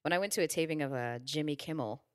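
A woman's voice: low voice, quick pace. A woman hosting a podcast, chatting playfully with her guest. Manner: chatty, playful, laughs often. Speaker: podcast host. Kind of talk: casual chat.

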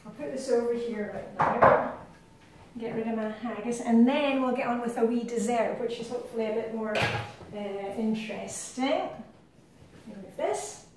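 Recorded on a distant mic in a very echoey home kitchen, this cooking vlogger from Scotland chats through a demonstration with plenty of rambling asides. She's middle-aged, with a slightly high voice, a moderate pace and a noisy background.

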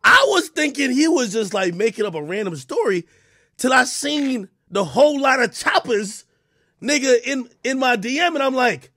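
A man giving loud, laughing reaction commentary, swinging from shouts to low mutters. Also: animated, moderate pace, no echo, clean studio sound. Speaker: hip hop commentary streamer.

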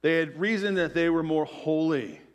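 A middle-aged male pastor preaching a conversational sermon, peppered with "right?" asides and dropping to a soft hush on key phrases. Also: fairly high pitch, normal speed. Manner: drops to quiet, soft emphasis on key phrases.

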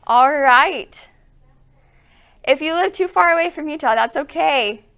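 A woman's voice: sits high, lively intonation, a little slow, a bit bright. A young woman co-hosting a quilt shop livestream, bubbly and gushing, laughing often as she chats. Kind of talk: casual livestream chat.

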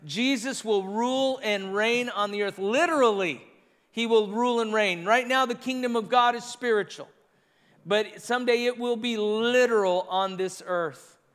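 High-voiced preaching man in a church. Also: normal speed, fairly bright tone, smooth. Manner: earnest preaching with repeated phrases. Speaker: pastor. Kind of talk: sermon. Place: church sanctuary. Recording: long reverb of a large church hall.

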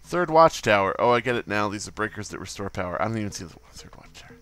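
A man's voice: fairly low pitch, lively intonation, rapid-fire, few pauses, a bit bright. A man casually commenting on his own gameplay, goofy and swearing, with silly sound effects. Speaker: let's play host.

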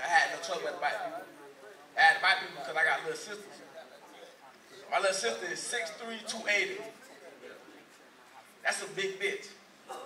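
A man from Orlando doing a loud, profane live stand-up set. He laughs through his punchlines and sounds a little tipsy. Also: on the high side. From Orlando, Florida. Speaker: stand-up comedian. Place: small live comedy venue. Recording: roomy live sound, mic at a distance.

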